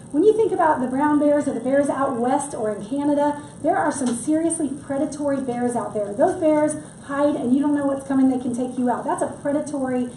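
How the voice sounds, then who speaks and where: High-pitched lady doing a chatty wildlife talk, kinda far from the mic, echoey room. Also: dark tone, a little hiss or hum. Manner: chatty, joking asides. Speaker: wildlife presenter. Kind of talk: public workshop talk.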